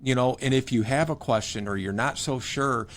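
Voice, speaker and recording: A man's voice: medium pitch, normal speed. A man from Michigan, a guest on a care podcast, telling stories and giving earnest advice in a conversational interview. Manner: earnest, storytelling with quoted advice. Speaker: podcast guest, home care case manager.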